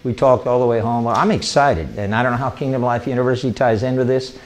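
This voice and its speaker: An older man, an evangelist, talking through an informal, rambling sermon with excitable enthusiasm. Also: mid-range voice, quick pace. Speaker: evangelist hosting a ministry show. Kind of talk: informal sermon talk to camera.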